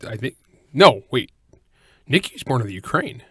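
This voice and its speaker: A man from California co-hosts a writing podcast in casual chat at a middle pitch. He rambles, restarts his sentences and drops deadpan jokes. He is heard close and dry, with no room sound. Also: normal speed, husky, no room sound. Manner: rambling, self-correcting, joking asides. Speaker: podcast co-host.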